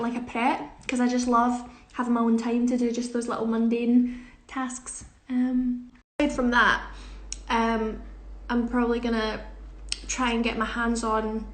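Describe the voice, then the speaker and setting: A young woman, a musical theatre performer, chatting casually in a social media Q&A on a phone, giggly and self-deprecating. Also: on the high side. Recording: echoey room.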